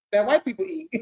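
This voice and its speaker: Animated woman chatting on a podcast. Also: very high voice, reverberant. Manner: laughs easily, animated. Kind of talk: casual chat.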